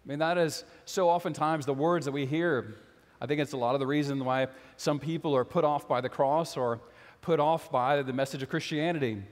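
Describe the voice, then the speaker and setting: A man's voice: mid-range voice, in a large hall. A man preaching a sermon as a pastor, earnest and questioning, repeating phrases for emphasis.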